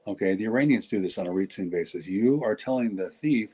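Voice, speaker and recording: This middle-aged podcast guest has a husky, dark voice on the low side and talks fast and animatedly. Joking and blunt in the casual discussion, he frequently cuts himself off and starts over, all on a rough recording.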